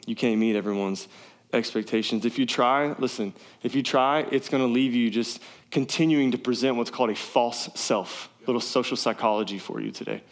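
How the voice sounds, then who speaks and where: A man's voice: medium pitch, normal speed. A man preaching a sermon in a casual, conversational way, often asking his listeners questions. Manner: conversational, asks the audience questions. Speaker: pastor. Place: church service, also streamed online.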